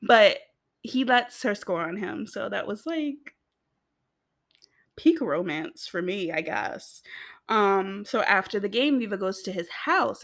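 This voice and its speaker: A woman's voice: medium pitch, animated, measured pace, vocal fry, a bit bright. A young American woman chatting casually as she recaps a TV show, laughing often and filling her talk with asides. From United States. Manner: giggly, chatty, lots of fillers and asides. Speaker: video host.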